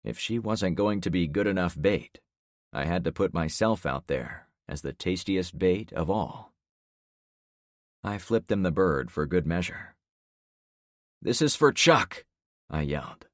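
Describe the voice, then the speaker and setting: A man narrating a first-person survival thriller audiobook in a steady, dry storytelling delivery. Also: low-pitched, a little slow, dry recording.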